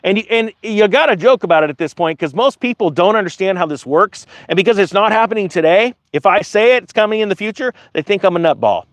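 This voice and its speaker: Male finance commentator, high and very lively pitch, jokey digressions, dry close sound. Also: fast, few pauses, dry recording. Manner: animated, digressive, jokey asides to viewers. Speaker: finance commentator, channel host. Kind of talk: casual commentary while reading an article aloud.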